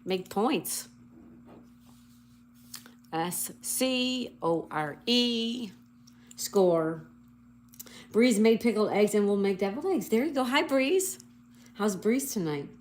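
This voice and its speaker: A woman hosting a casual livestream, reading viewer comments and slowly spelling out crossword answers letter by letter. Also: mid-range voice, lively intonation, a little mellow, a little hiss or hum. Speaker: livestream host.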